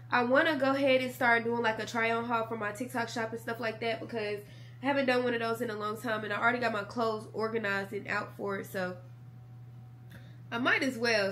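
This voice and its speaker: A woman's voice: fairly high pitch, pushed and bright, slight background noise. A young woman vlogging from bed at home, sick with a sore throat and a stuffy nose, chatting casually to her viewers and calling them y'all. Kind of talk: casual chat to camera. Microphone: camera mic.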